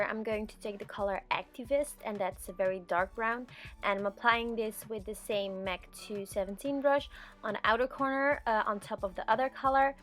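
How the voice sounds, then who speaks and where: A young woman narrating a makeup tutorial as a voice-over, chatty and relaxed, with frequent ums. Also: mid-range voice. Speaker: beauty vlogger.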